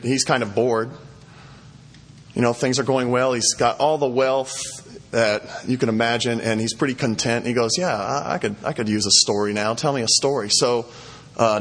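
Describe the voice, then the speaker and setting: A man's voice: medium pitch, fairly bright tone, long reverb tail. A man preaching, retelling a scripture story in a casual, rambling way with fillers and restarts, then reading a psalm aloud.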